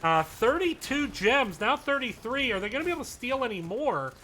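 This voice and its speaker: A man giving live play-by-play commentary on an esports match, brisk and chatty with playful asides. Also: extremely high pitch, sing-song, pushed and bright, a little hiss or hum. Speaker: esports caster.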